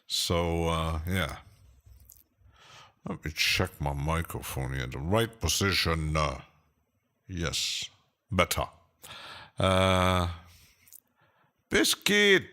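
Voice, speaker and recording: A man's voice: rumbling low, slow pace, long pauses, bright, forceful tone. A man casually chatting on a live stream while producing music, rambling and hesitant, often laughing to himself.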